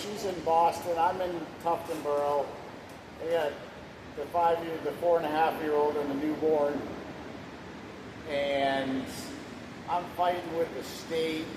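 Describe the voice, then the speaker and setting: A man in his thirties, casually telling his life story in a rambling, plainspoken way, now and then swearing. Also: fairly high pitch. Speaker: husband sharing his testimony. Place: room at home. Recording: echoey room with background hiss.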